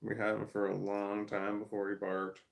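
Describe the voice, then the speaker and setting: A man's voice: lowish voice, monotone, moderate pace, creaky. A man telling a rambling family story in a casual, profane monologue, restarting his sentences often.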